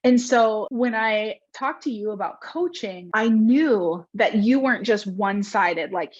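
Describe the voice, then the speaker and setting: A woman's voice: mid-range voice, unhurried, highs cut off. A woman in her thirties, a realtor and podcast guest, candidly telling her career story with lots of likes and ums.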